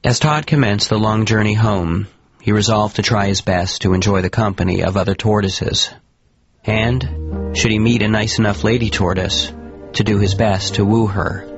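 A man narrating a scripted story on the radio in a calm, measured way. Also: on the low side, breathy edge. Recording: muffled radio broadcast with music.

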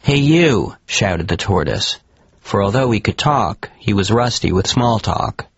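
A man narrating a scripted story on the radio in a calm, measured way. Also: fairly low pitch, slightly rough, no echo. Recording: muffled radio broadcast with music.

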